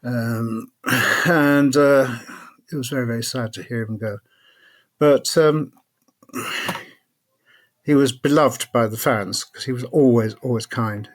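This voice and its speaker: An older man, a podcast guest telling anecdotes in a lively way, laughing often and acting out what others said. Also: medium pitch, takes it slowly, long pauses. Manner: lively raconteur, laughs often, acts out quotes. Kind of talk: anecdotal storytelling.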